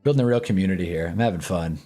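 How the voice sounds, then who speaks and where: A young man casually reacting to live football games on a stream, swinging from low muttering to excited yelling at big plays. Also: very fast, faint music behind. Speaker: sports streamer. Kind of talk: live football watch-along commentary. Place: home streaming room with green screen.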